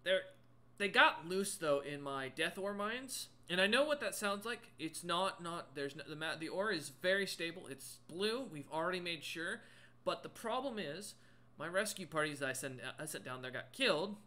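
A man's voice: high-pitched, animated, normal speed, bright, forceful tone, pitched above the performer's own voice. A man doing a stammering, courteous tall monster. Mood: polite, hesitant. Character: tall male monster, polite nervous merchant.

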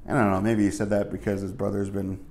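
A man's voice: fairly low pitch, flat delivery, fast talker, darkish tone. A male pastor giving a casual, conversational sermon, full of asides and fillers.

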